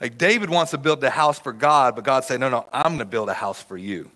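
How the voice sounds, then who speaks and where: A man pastor giving a conversational sermon in a church, telling stories with sudden bursts of shouting. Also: medium pitch, expressive, fairly quick. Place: church auditorium.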